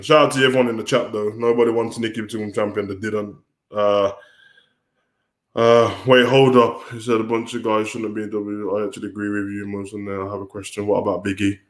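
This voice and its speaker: A man hosting a livestream, ranting bluntly and casually with many restarts. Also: fairly low pitch. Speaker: wrestling commentator and livestream host. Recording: roomy echo.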